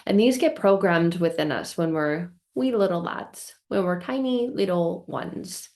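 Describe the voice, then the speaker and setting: On a casual self-help vlog, a woman with a lowish, slightly mellow voice tells a story at a measured pace, full of expression. She acts out her frustration through quoted outbursts and repeats phrases in rhythmic lists.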